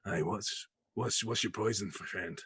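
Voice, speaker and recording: A man's voice: lowish voice, measured pace, a bit bright, voice pushed down. A man voicing a boisterous, burly gang leader in a tabletop game, hearty and roaring. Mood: gruff. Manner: roaring, hearty, says aye.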